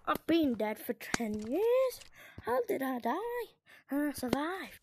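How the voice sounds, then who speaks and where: A woman's voice: sits high, sing-song, takes it slowly, background noise. A woman playing a game and narrating her own moves in a playful, sing-song way. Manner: playful, sing-song, breaks into shrieks and giggles.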